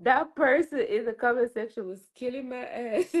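A Jamaican woman hosts a live stream in easy patois and jokes with her guests. Her voice sits fairly high, and she often breaks into laughter. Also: normal speed. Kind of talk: casual live-stream chat.

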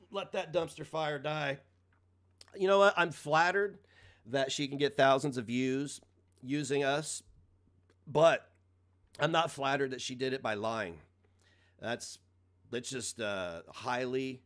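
A man's voice: mid-range voice, slow, pauses often, fairly bright tone. A man ranting casually on a live stream, mocking and swearing, laughing often at his own jokes.

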